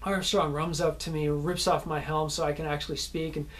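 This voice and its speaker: This actor casually rambles about what went on behind the scenes of a film shoot, laughing often, restarting himself and using plenty of fillers. The voice is a little high and fairly bright, with little pitch movement and a slightly fast pace.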